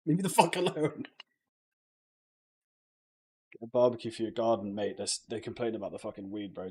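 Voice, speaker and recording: A man's voice: medium pitch, lively intonation, fairly quick, pauses often, a little mellow, slightly rough. A young British man chatting casually on a live stream, joking with viewers and swearing freely. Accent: British English. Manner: swears a lot, loose and joking, talks to chat.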